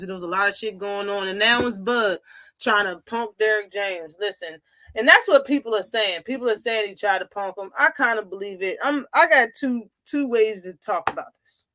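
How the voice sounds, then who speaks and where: A young adult woman hosting a casual live commentary show, opinionated and animated, acting out quoted lines as she tells them. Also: mid-range voice, no room sound. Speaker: host.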